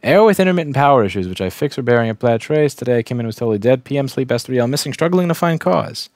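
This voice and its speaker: A man's voice: mid-range voice, lively intonation, racing, a little mellow, no room sound, studio quality. A young adult man from Staten Island, a repair technician casually talking through a bench test on a livestream, thinking aloud, restarting sentences and speaking bluntly. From Staten Island, New York.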